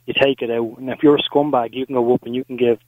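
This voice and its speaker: Man, radio caller, insistent, lecturing, fast talker, phone line sound. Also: medium pitch, flat delivery, no room sound.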